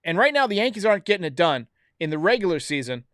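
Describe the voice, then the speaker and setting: A man's voice: high voice, very animated, fast, a bit bright, no echo, clean studio sound. A man hosting a baseball recap show, giving blunt, opinionated commentary straight to his viewers. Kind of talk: solo sports recap commentary.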